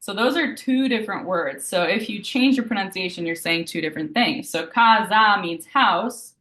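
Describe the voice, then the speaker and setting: A woman teaching a live beginner Italian lesson, patiently explaining each rule and slowly repeating example words. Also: mid-range voice, expressive, fairly bright tone. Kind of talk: live online language lesson. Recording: roomy echo.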